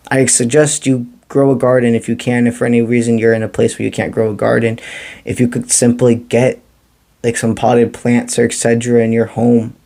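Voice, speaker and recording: A man delivers a spiritual tarot reading, calm and encouraging in a mystical way. His voice is mellow and warm, at an ordinary male pitch. He drops in casual slang between the spiritual advice. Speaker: tarot reader.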